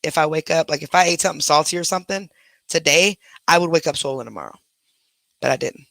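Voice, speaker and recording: A man's voice: a little high, quick pace, creaky, sharp tone, no room sound. Chatty man rambling on a home live stream. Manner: rambling, chatty, talks to pets between stories. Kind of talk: casual live chat. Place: at home in a bedroom, lying in bed.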